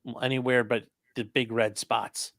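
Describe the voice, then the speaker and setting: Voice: mid-range voice, little pitch movement, moderate pace, fairly bright tone, no echo, clean studio sound. A livestream host chatting casually and joking while reacting to a trial. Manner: joking, teasing.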